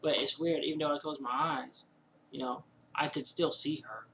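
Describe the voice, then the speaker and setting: A man telling a personal story casually indoors at home, rambling and animated, with lots of fillers and quoted asides. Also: a little high, moderate pace, creaky, a little hiss or hum, low-quality recording.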